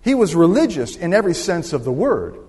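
A man's voice: high voice, very animated, brisk, a little mellow, husky. A man in his sixties preaching a sermon, telling a story and drawing the congregation into call-and-response. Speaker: pastor. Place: church sanctuary. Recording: long hall reverb.

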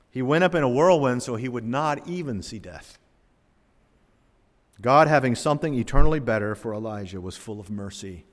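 A man preaching a sermon in a church, swinging between loud emphasis and quiet drops. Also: medium pitch. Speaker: pastor. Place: church sanctuary. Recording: long church hall reverb.

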